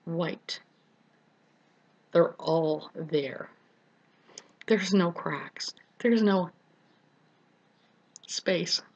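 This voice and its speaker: A woman's voice: lowish voice, drawn-out words, long pauses, husky, highs cut off. A middle-aged woman telling her own story in an earnest personal vlog, speaking straight to her viewers as friends and repeating words for emphasis. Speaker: vlogger.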